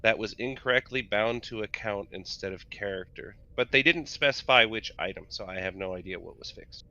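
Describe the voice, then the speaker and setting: A man's voice: fairly low pitch, a little fast, bright, forceful tone. A man on a live gaming show, chatting casually and reading patch notes in a plain, matter-of-fact way. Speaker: news presenter on a gaming show. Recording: dull lo-fi mic.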